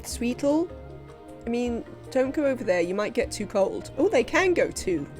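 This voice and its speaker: A woman chatting casually while livestreaming a video game, rambling and filling pauses with "um" and "uh". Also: on the high side, big pitch swings, darkish tone, soft background music. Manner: rambling, chatty, frequent fillers. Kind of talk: casual live gameplay commentary.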